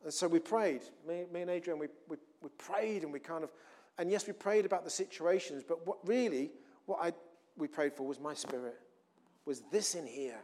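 A man's voice: on the high side, normal speed. Chatty man preaching a sermon. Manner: conversational, with many restarts and swings between loud emphasis and quiet asides.

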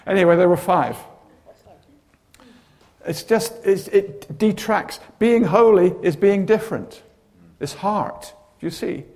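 Slow and high-pitched, the man preaches through lively, theatrical stories. Humorous asides pepper the sermon.

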